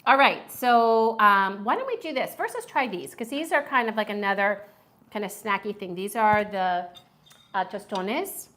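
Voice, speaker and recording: A woman's voice: mid-range voice, expressive, normal speed, fairly bright tone. A woman hosting a casual live-stream food review, chatty and enthusiastic, reading viewer comments aloud.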